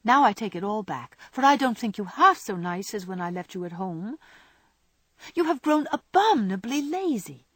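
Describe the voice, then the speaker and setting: A woman reading aloud and voicing a sharp-tongued young woman who lectures earnestly and frankly. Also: medium pitch, very animated, normal speed, no echo. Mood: earnest scolding. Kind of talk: audiobook character reading.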